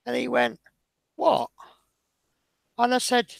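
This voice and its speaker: A man's voice: on the high side, lively intonation, a little slow, gravelly, a bit bright, no echo. A man chatting casually on a stream, telling stories from his bus-driving days in a chatty, anecdotal way and reading out comments as he goes. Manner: chatty anecdotal storyteller, reads out chat. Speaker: streamer building a model bus.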